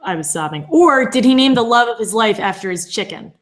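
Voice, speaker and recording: Woman cohost, kinda high voice, chatty, reading out viewer comments. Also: animated, a little fast. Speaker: podcast co-host. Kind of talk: casual fan chat.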